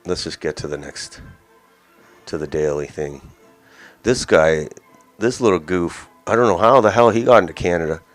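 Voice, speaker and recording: A male host delivers casual opinion commentary in a blunt, mocking, rambling way. His voice sits low. Faint music plays behind him. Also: moderate pace. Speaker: host of a daily news commentary show.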